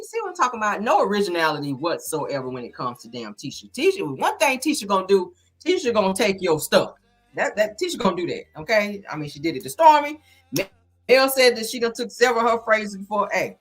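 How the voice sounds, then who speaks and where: A woman's voice: medium pitch, very animated, brisk. Sassy, blunt woman recapping a show live. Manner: sassy, blunt and profane, talking straight to viewers. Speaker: reality show reviewer on a live stream. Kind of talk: casual live-stream recap.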